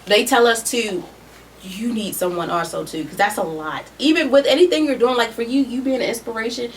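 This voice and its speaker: A woman's voice: a little high, fairly quick, distant mic, slight background noise. A woman hosting a podcast, chatting casually and supportively with her guest. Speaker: podcast host. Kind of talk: casual chat.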